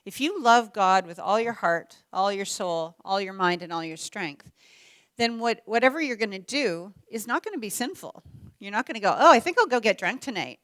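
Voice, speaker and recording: A woman's voice: mid-range voice, lively intonation, moderate pace, fairly bright tone, no room sound. Joking Canadian woman giving a church talk. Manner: chatty, joking, acts out quoted voices. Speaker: guest speaker. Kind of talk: humorous testimony talk.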